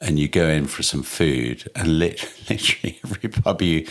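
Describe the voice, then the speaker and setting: A middle-aged man recalls holiday stories in an easygoing family podcast. His voice is very low and unhurried in manner. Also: animated. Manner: easygoing, wry anecdotes. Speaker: podcast co-host. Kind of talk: casual family chat.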